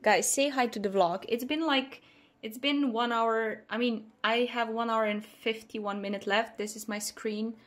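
A woman's voice: a little high, fairly even intonation, a little slow, fairly bright tone. A young woman streamer, a Slovenian native speaker, chatting casually to her viewers in a vlog, tired, with a sore throat. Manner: chatty and giggly, talks to her chat and camera. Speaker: streamer and vlogger.

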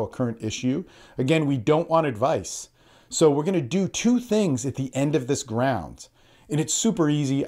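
A man's voice: medium pitch, darkish tone. A man hosting a podcast tutorial, talking earnestly and repeating words as he coaches listeners and acts out example lines. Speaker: podcast host and social skills coach.

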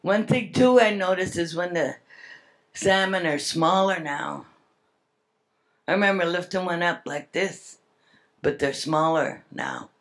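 A woman's voice: fairly low pitch, a little slow, pauses often. An older woman giving an earnest, heartfelt public speech at a summit. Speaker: speaker at a salmon summit.

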